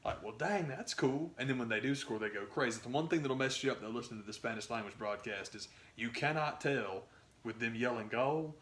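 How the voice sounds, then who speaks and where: A man co-hosting a podcast, chatting about sports in a rambling, excitable way that trails off and restarts. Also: mid-range voice, brisk. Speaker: podcast co-host. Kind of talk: casual sports chat.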